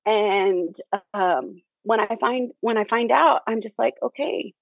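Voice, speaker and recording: A woman, a theater teacher, talking casually in an interview, halting with many fillers and frequent laughs. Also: a little high, vocal fry, husky, no echo, phone-quality sound.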